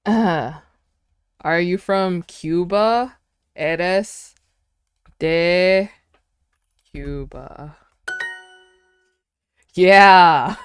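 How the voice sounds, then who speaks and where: A woman's voice: lowish voice, drawn-out words, pauses often, clean tone, no echo. A woman streaming casually as she works through a language lesson, chatting playfully and sounding out foreign words aloud. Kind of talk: casual livestream chat during a language lesson.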